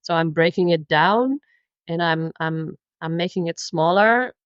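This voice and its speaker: A woman's voice: on the low side, measured pace, clear, resonant tone, no room sound, muffled recording. A woman from the Netherlands with a Dutch accent, a language teacher chatting and explaining with frequent restarts in a podcast interview.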